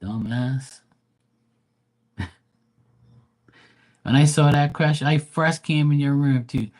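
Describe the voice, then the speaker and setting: A man's voice: a little high, takes it slowly, a little mellow. A man, chatting casually on a live stream, profane and mocking, drawling as he quotes people in exasperated put-on voices. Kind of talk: casual ranting chat.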